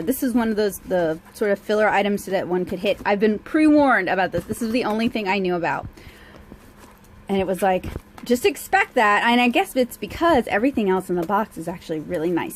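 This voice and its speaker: A woman from southern Louisiana chatting casually through an unboxing vlog, self-mocking and quick with asides, recorded on a handheld phone. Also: mid-range voice, slight background noise, low-quality recording. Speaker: art vlogger. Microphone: cell phone held in hand.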